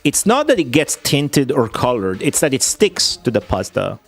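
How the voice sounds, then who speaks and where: A man's voice: mid-range voice, moderate pace, vocal fry, faint music behind. A man chatting on a livestream, blunt and profane, swearing freely as he rants. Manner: profane, blunt, excitable ranting. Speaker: streamer. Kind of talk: casual livestream chat.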